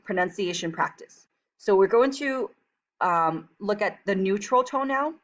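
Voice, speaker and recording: Fast-talking woman teacher, dull recording. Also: medium pitch, a bit bright. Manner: fast-talking, chatty, switches into slow careful Mandarin demonstrations. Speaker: Chinese language teacher. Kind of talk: recorded textbook lesson.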